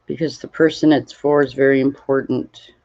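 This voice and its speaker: A woman's voice: a bass voice, level tone, darkish tone. A tired woman hosting a casual livestream while crafting, rambling and greeting viewers from chat. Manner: slow, rambling, reads chat aloud. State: tired, yawning. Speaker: livestream host. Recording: dull lo-fi stream audio.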